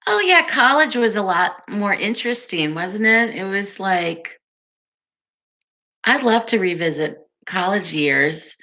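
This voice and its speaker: A woman hosting a casual livestream, chatting with viewers in a soft, calming voice and an unhurried, giggly way. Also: mid-range voice, highs cut off. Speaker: livestream host.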